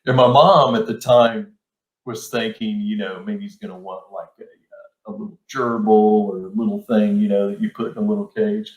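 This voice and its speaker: A man's voice: fairly low pitch, fairly even intonation, moderate pace, dull audio. A middle-aged man hosting a casual storytelling chat, laid-back and rambling with plenty of fillers. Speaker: podcast host. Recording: roomy echo.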